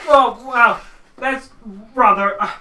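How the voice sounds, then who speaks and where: A man's voice: very high voice, fairly even intonation, slow, sharp tone, slight background noise, voice pushed up, heavily acted. A man voicing a nervous, stammering elf farmer. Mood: flustered. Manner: stammering, flustered. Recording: echoey room, mic far off.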